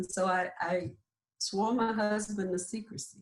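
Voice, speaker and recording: A woman's voice: medium pitch, fairly even intonation, a little slow. A woman in her forties, a nurse practitioner, earnestly explaining and sharing her own story, often checking in with "right?". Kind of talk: candid personal storytelling. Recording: roomy echo.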